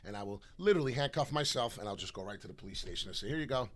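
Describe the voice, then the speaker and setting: A brash man with a New York accent, rambling excitedly on a live crypto chart stream, jumping between loud outbursts and low mutters. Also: rapid-fire. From New York / New Jersey. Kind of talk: casual live stream chat.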